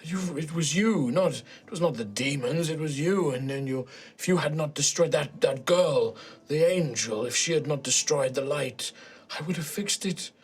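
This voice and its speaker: A man voicing a bitter, defeated old male scholar villain, speaking quietly and brooding. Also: a little high, moderate pace, slightly rough.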